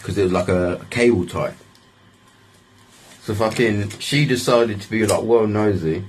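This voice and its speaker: A man's voice: on the low side, moderate pace, slight background noise. A young man, telling a story in a casual, rambling way, full of swearing and "like". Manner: rambling, swears often, restarts lines with "like". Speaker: vlogger.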